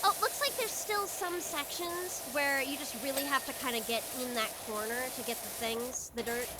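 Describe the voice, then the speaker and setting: A young woman streaming a game, chatting casually and excitably with a friend. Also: sits high, normal speed, very noisy. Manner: bubbly, excitable, giggly. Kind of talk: casual gaming stream chat.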